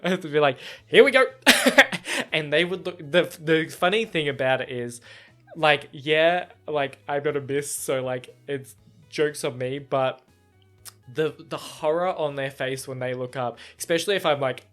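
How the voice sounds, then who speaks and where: A young man with a somewhat feminine voice, hosting a solo podcast in animated casual chat. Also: a little slow, faint music behind. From Australia. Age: young adult. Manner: animated storytelling, frequent laughs, jumps into high-pitched acted quotes. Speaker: podcast host.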